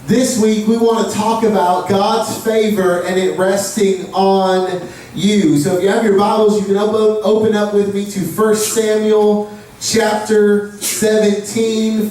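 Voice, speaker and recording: A man preaches a casual, storytelling sermon, bursting into acted voices now and then. His voice sits high for a man. He is heard from well off the mic in a strongly echoing church room with faint noise underneath. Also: recorded from a distance. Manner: storytelling, acts out voices with rising excitement. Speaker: pastor. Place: church sanctuary.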